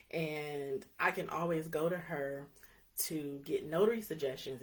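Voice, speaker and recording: A woman with a low voice speaks in a relaxed, chatty way straight to her viewers. She talks earnestly with plenty of ums and keeps checking in with her audience. She comes across as a small-business owner sharing her own experience. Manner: chatty, earnest, frequent ums, addresses viewers as you guys. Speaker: signing service owner and notary. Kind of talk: casual live talk to an audience.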